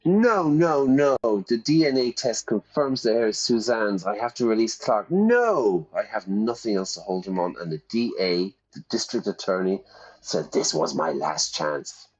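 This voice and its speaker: Low-voiced man reacting to a game. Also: normal speed, husky. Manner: chatty, reads game text aloud and reacts loudly. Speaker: streamer playing a detective game. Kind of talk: casual gameplay commentary. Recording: slightly dull lo-fi audio.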